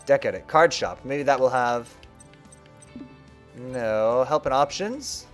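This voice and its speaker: A man's voice: medium pitch, expressive, unhurried, long pauses, soft background music. A man streaming a card video game, chatting casually and rambling about how people play. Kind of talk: casual gameplay commentary.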